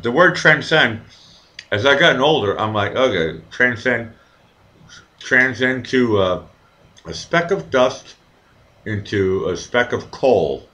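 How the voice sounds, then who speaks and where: Man, live show host, rambling and profane, lively up-and-down pitch, bright edgy tone. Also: slow, pauses often, poor audio. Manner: rambling, profane, animated storytelling. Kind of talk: casual live chat.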